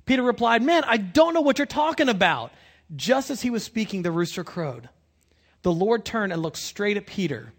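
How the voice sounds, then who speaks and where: A man preaching in a loose, conversational way, his voice sitting high and swinging up and down with lots of life. He pokes fun at himself and talks to the congregation like a friend, with slangy asides. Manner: animated, self-deprecating, slangy preaching. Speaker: pastor. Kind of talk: conversational sermon.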